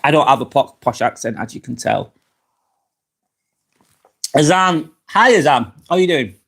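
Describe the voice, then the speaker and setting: A man's voice: fairly high pitch, lively intonation, measured pace, creaky, a bit bright, husky. A middle-aged man hosting a casual live vlog, talking frankly and swearing freely as he reads viewer comments. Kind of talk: casual live-stream chat reading comments. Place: apartment indoors.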